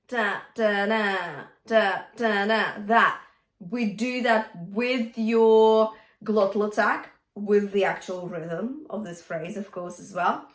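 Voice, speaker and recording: A woman's voice: mid-range voice, echoey room. A woman vocal coach teaching a singing lesson, encouraging her students and checking in with "yeah?" and "okay?" as she explains.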